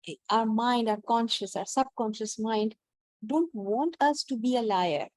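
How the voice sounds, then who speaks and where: Woman, earnest and halting, mellow dark voice, slightly high, dry close sound. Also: no room sound. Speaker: discussion group participant. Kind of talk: casual group discussion.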